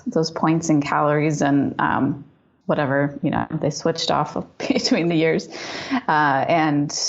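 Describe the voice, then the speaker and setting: Slightly breathless woman guest, dull audio. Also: sits low. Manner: laughs often while talking. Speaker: guest, health and lifestyle coach. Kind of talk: casual podcast interview.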